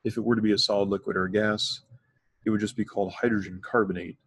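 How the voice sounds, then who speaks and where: A man's voice: fairly low pitch, flat delivery, fast talker, husky, no echo. A man teaching a chemistry lesson, explaining methodically step by step with occasional fillers. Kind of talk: recorded classroom lecture.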